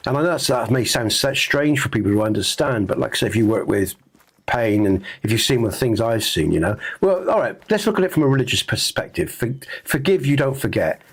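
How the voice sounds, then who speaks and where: Husky middle-aged man, earnest rambling. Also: medium pitch, sing-song, a little fast. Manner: rambling, earnest, many fillers and restarts. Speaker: game streamer host. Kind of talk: reflective casual chat on stream.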